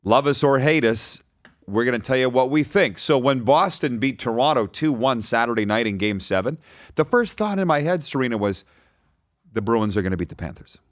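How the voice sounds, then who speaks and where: Male sports podcast host, energetic and emphatic, close dry studio mic. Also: mid-range voice, moderate pace, dry recording. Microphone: studio microphone.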